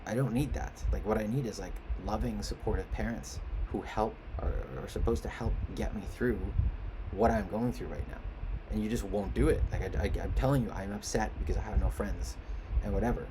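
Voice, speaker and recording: Speaking briskly in a lowish voice against a noisy background, a young independent artist and musician launches into a profane, meandering rant, venting his frustration.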